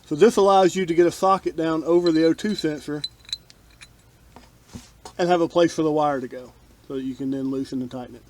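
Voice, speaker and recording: A man's voice: a little high, steady tone, fairly quick, long pauses, a little mellow, slight background noise. A man explaining his own car repair outdoors in a blunt, wry, casual how-to style, grumbling about shoddy work. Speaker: DIY car repair vlogger. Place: outdoors working on a Jeep.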